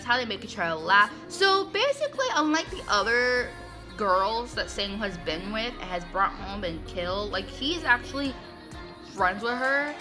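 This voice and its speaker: A sarcastic woman recaps a story in chatty, rambling commentary, dropping "like" everywhere. Her pitch sits in an ordinary middle range. Clear background music plays behind her. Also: sharp tone. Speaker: comic recap host.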